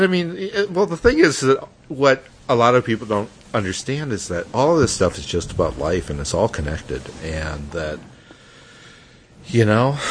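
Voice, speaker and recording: Deep-voiced american guy co-hosting a podcast, reflective, lots of ums and restarts. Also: slight background noise. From United States. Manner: rambling, reflective, many fillers and restarts. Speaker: podcast co-host. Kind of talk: casual podcast chat.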